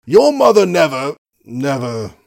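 A man voicing a gruff, blustering old male colonel in an audiobook, indignant and old-fashioned in his bluster. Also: medium pitch, lively intonation, moderate pace, a little mellow. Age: older.

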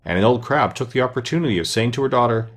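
A man's voice: medium pitch, animated, rapid-fire. A man reading a classic children's story aloud, narrating expressively. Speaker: reader.

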